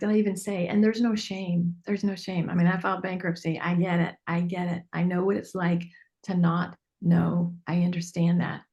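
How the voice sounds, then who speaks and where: Earnest woman coaching a group. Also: on the low side. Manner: earnest, animated, acts out dialogue. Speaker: business mentor.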